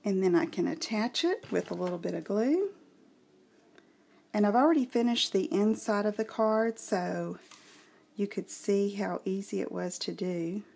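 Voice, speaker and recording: Slow-talking Texan woman demonstrating crafts. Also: medium pitch, gravelly, a little mellow. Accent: Southern US, Texas. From Southeast Texas. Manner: chatty, thinks aloud, slow and unhurried. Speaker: craft tutorial host.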